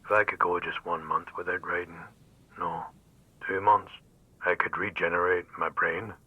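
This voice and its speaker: An actor voicing an exhausted, bitter reclusive writer on the phone. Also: male voice, low-pitched, level tone, normal speed, slightly rough. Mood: weary. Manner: weary, bitter. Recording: lo-fi phone line.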